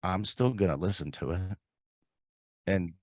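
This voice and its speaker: A man's voice: deep voice, unhurried, a little mellow, no echo, clean studio sound. A man hosting a casual podcast chat, easygoing and chuckling as he wraps up the show. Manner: easygoing, chuckling, drawling sign-offs. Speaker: podcast host.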